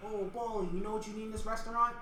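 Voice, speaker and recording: A man's voice: high-pitched, fairly even intonation, quick pace, bright, forceful tone, voice pushed up. A man playing a boastful, fussy Italian-American mobster with exaggerated mannerisms. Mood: indignant. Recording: echoey room with clear background noise.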